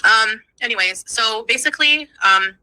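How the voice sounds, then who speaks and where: A woman's voice: a little high, moderate pace, sharp tone, clean tone, rough recording. A Canadian woman ranting defensively on a livestream, indignant and dismissive. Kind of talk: livestream rant.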